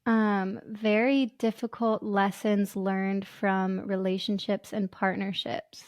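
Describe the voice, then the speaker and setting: A woman's voice: mid-range voice, level tone, slow pace, a little mellow, no room sound, studio quality. A woman co-hosting a podcast, stuffed up from allergies, blunt and swearing in casual chat, drawing out her thoughts. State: congested from allergies. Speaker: podcast co-host, astrologer.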